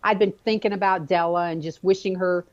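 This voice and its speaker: A woman guest telling a personal story in an animated, expressive way during a conversation. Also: fairly low pitch, brisk, dull audio.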